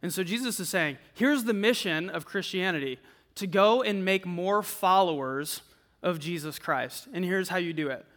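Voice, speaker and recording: A man preaches to a student group in a relaxed, chatty way, his voice high and bright. His talk stays loose and conversational, dotted with "like" and "right?". The sound rings with a long hall echo. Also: normal speed. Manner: conversational, uses "like" and "right?" often. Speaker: campus ministry speaker. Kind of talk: sermon. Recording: echoey hall.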